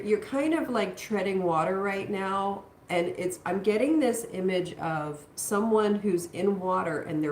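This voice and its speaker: Low-voiced woman giving tarot readings. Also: echoey room, a little hiss or hum. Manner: reassuring, thinking aloud with pauses. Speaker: tarot reader. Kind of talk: live-streamed tarot reading.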